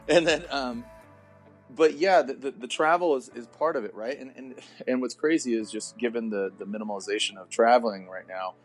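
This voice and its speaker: A man's voice: medium pitch, moderate pace, faint music behind. A man in his forties, a motorsport announcer chatting as a podcast guest, rambling and restarting his sentences with plenty of jokes. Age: 40s. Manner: rambling, self-interrupting, joking. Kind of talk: casual chat.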